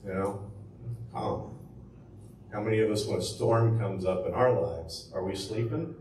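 A man's voice: on the low side, moderate pace, darkish tone, a little hiss or hum. Man preaching, conversational sermon, echoey room, distant mic, faint ambience. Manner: conversational storytelling with many fillers and rhetorical questions. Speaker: pastor.

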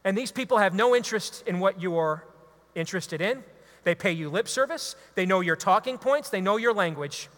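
A man, a radio talk show host, giving an impassioned, preachy talk to a live audience. He is emphatic and builds to loud exhortations. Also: high-pitched, lively intonation, moderate pace. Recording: long hall reverb.

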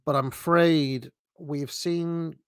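A man's voice: on the high side, steady tone, takes it slowly, dry recording. A man giving rambling, opinionated commentary on a livestream, full of fillers and restarts. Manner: dismissive, opinionated. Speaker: political commentator.

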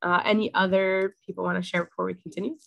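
A woman's voice: lowish voice, level tone, fast talker, vocal fry, fairly bright tone, no echo, rough recording. A young woman teaching a casual Torah class, talking things through with many fillers. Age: young adult.

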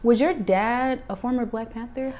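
Woman interviewer, kinda high voice, quick follow-ups, lots of mm-hmms. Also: fairly even intonation, darkish tone. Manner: brief affirming backchannels and follow-up questions. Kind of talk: casual interview.

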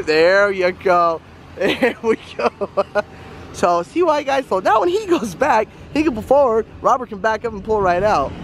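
A man's voice: high voice, a little hiss or hum. A man chatting casually to viewers in a vlog, teasing and laughing often. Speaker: vlogger.

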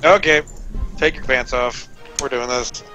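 A man's voice: medium pitch, measured pace, bright, forceful tone, soft background music, low-quality recording. A young man hosting a gaming session over voice chat, teasing his friends in a goofy, showman-like way. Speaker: gaming channel host. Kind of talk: joking voice chat while gaming.

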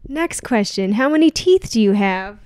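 A woman's voice: medium pitch, lively intonation, normal speed, darkish tone, no room sound. A woman hosting a casual family interview, upbeat and playful, asking questions in a chatty way. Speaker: host.

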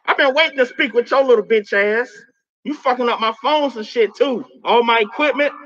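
Profane high-voiced man taunting on a stream. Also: a little fast, fairly bright tone. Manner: repeats words when worked up. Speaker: livestreamer addressing a spirit. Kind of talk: live stream rant. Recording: dull lo-fi stream audio.

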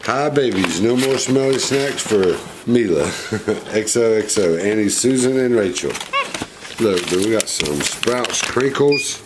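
A man with a lowish voice, talking to his pet in a relaxed, playful, coaxing way and chuckling often. He is recorded at home on a home video with a steady hiss of noise behind him. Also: measured pace. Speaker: pet vlog host. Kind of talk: casual chat with a pet while unboxing. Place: home living room.

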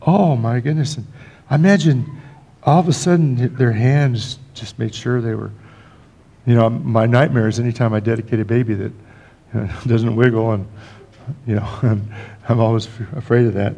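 An older male pastor preaching in a church, his voice gravelly and rough at the edges with a husky grain. He tells homey stories in a folksy way, drops in joking asides, and often restarts his sentences. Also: medium pitch, steady tone, moderate pace, mellow. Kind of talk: storytelling sermon. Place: church sanctuary.

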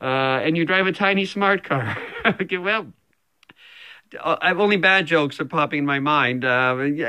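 A man's voice: on the high side, measured pace, pushed and bright. A man in his fifties, sweaty after a run, rambling through a comic video message full of stammers and self-mockery. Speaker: comedian recording a personal video message.

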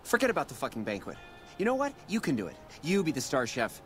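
An actor playing a foul-mouthed, arrogant male celebrity chef in a game, yelling abuse and profanity. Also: fairly high pitch, wildly swooping pitch, fast. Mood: bitter. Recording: game audio under background music.

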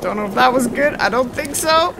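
A woman giving game commentary for her channel, explaining things calmly and then squealing and laughing when the action heats up. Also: high voice, a little fast, heavy background noise. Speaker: gaming YouTuber.

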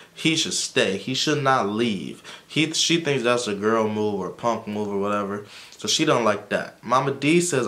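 A man's voice: mid-range voice, a bit bright. Chatty man recapping a TV episode. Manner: chatty, opinionated, many fillers. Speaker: YouTuber reviewing a TV episode.

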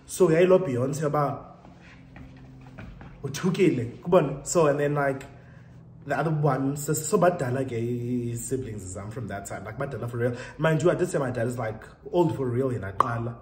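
A man's voice: medium pitch, normal speed. A young South African man chatting casually and laughing often while telling a story and getting ready. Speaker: vlogger. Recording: roomy echo, faint room noise.

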